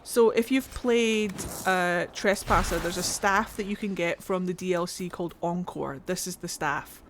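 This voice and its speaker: A woman's voice: lowish voice, normal speed, slight background noise. Chatty Scottish woman gaming on stream. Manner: excitable, swears freely, chatty with viewers. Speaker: game streamer. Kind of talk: casual livestream chat while playing. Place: at home.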